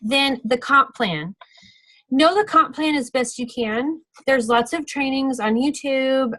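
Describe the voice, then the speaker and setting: A woman's voice: high-pitched, slow pace, fairly bright tone, no echo, rough recording. A woman giving a casual, practical training talk on a video call, chatty and full of fillers and self-corrections. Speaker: sales team trainer.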